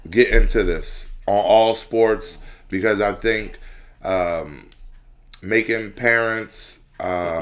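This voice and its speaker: A male podcast co-host talking casually with a friend. His delivery is laid-back, and it rises to an emphatic pitch when he urges listeners to do something. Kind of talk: casual chat.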